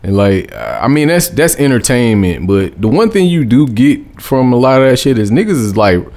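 A man from the Midwest co-hosting a podcast, chatting in an animated, profane way, with laughter breaking between his phrases. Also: medium pitch, moderate pace. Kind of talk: casual chat.

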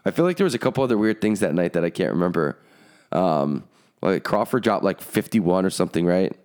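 Give a man with a somewhat low voice chatting loosely about sports, rambling and peppering his talk with "like". Keep it easygoing and unhurried. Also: expressive, darkish tone, clear, resonant tone. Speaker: podcast co-host. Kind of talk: casual sports chat.

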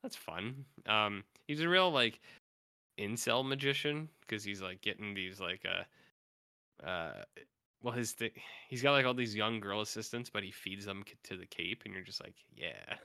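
A man co-hosting a podcast, chatting casually about horror movies, rambling and mumbling flat asides. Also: lowish voice, normal speed, clear, resonant tone, no echo, clean studio sound. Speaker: podcast co-host.

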